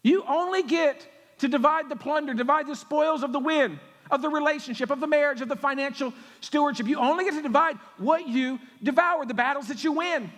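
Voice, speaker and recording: Pastor, male, very high pitched, punchy sermon cadence, long church reverb. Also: fairly bright tone. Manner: emphatic, repetitive preaching with quick jokes. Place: church sanctuary.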